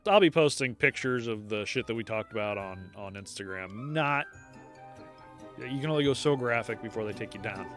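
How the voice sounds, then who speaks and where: A man's voice: lowish voice, animated, normal speed, fairly bright tone, faint music behind. A man with an American accent co-hosting a podcast in casual chat, easygoing, and he also reads the show's sign-off. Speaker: podcast co-host.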